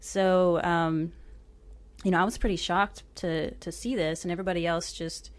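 A woman's voice: lowish voice, steady tone, moderate pace. Chatty woman telling a travel story. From Oklahoma, USA. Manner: chatty, self-deprecating, many fillers. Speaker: author giving a book talk. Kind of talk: casual storytelling with book reading.

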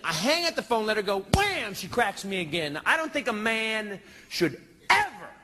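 A man's voice: sits high, big pitch swings, moderate pace, sharp tone. A man telling a self-mocking story in a stand-up comedy routine on a comedy club stage. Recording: reverberant live room with noise.

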